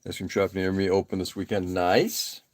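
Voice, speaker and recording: A deep-voiced man in his forties speaks at a normal speed as he hosts a live stream and assembles a model kit. The casual talk wanders loosely, full of uhs and self-deprecating comments.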